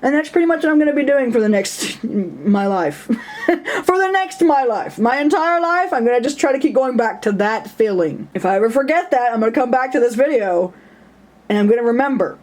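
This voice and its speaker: Woman vlogger, self-mocking rambler, slightly higher voice, acts out her stories. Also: animated, a little fast, darkish tone. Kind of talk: casual personal vlog.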